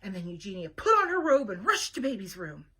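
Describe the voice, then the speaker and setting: A woman's voice: mid-range voice, sing-song, a little fast, fairly bright tone, breathy edge. A woman librarian reading a storybook aloud to children, with chatty asides about the pictures, recorded on a webcam. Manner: chatty asides to young listeners, showing pictures.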